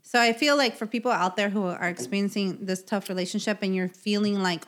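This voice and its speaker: A woman's voice: mid-range voice, brisk, few pauses. A woman co-hosting a podcast in casual chat, talking earnestly and with many restarts as she explains. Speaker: podcast co-host.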